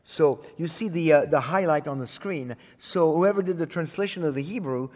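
This Bible teacher has a fairly high, slightly mellow voice and speaks at a normal speed with hardly any pauses. Addressing his congregation, he delivers a sermon as a personal story, conversational with frequent restarts and repeated words, in a dull recording with long hall reverb.

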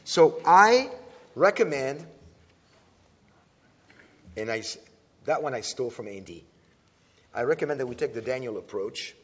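A man with a mid-range, breathy-edged voice speaks a little slowly and pauses often. At a church teaching, he gives a conversational sermon, restarting, correcting himself, and retelling events animatedly, in a dull lo-fi recording from a reverberant hall.

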